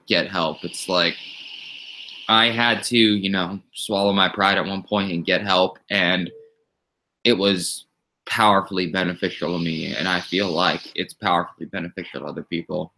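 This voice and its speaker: Deep bright-toned guy, halting and choked up, lots of "you know". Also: creaky. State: tearing up. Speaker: streamer's roommate, psychology student. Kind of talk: earnest livestream chat.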